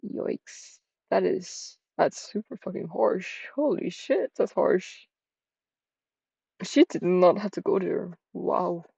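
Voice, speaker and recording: A woman streamer gives giggly, chatty commentary between story passages. Her voice is low and mellow, and it sits on a dull, dry lo-fi recording. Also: lively intonation, slow pace, vocal fry, husky, no room sound. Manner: giggly, chatty, swears casually. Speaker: streamer reading an interactive story. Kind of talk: casual commentary.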